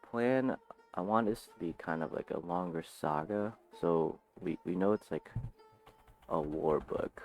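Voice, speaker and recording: A man's voice: sits low, a little mellow. A man vlogging at home after waking up, thinking aloud about his book in a rambling, scatterbrained way and swearing casually. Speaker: aspiring author. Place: home, just woken up.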